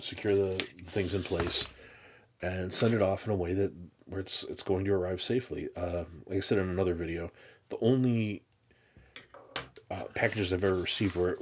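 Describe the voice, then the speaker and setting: A man's voice: low voice, steady tone, a little hiss or hum. A man chatting casually as he unpacks a comic shipment, rambling and restarting his sentences, exasperated and poking fun at himself. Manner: rambling, halting, many restarts; exasperated, self-mocking. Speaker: comic collector vlogger. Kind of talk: casual unboxing chat.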